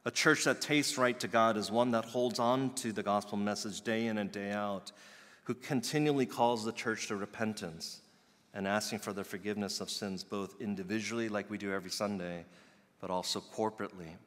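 Bright-voiced pastor in a reverberant hall. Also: male voice, on the low side, fairly even intonation, brisk. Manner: earnest, builds to loud emphatic peaks then drops soft. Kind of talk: sermon. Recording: long reverb of a large hall.

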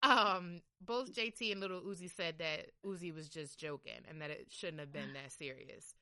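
Casting: female podcast host, chatty and loose with fillers, bright crisp voice, dry close sound. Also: fairly low pitch, moderate pace, dry recording. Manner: chatty, lots of "like" and "um". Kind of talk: casual chat.

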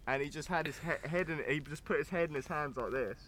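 A young man co-hosting a casual podcast, telling stories with animated bursts. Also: on the high side, quick pace. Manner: animated storyteller. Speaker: podcast co-host.

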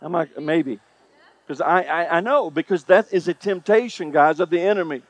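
A man's voice: a little high, normal speed. A male pastor delivering a sermon, emphatic and repetitive, speaking straight to the congregation. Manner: emphatic preaching, repeats phrases, addresses congregation directly.

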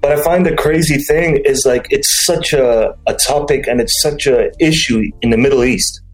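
A man's voice: medium pitch, moderate pace, faint music behind, poor audio. A man talking casually in a podcast chat, rambling with many restarts, fillers and slang. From mixed English and Chinese, raised abroad.

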